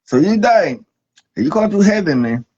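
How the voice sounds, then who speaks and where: A man's voice: high-pitched, very animated, normal speed, darkish tone. A man playing a laid-back, cussing God. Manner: casual, profane, ends lines with "man". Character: God as a laid-back, profane regular guy. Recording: dull lo-fi recording.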